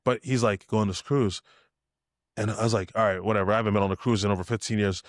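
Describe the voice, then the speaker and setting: Low-voiced man telling an animated story. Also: rapid-fire, no room sound, clean studio sound. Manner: acts out dialogue in shifted voices, spirited. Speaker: podcast guest, entrepreneur.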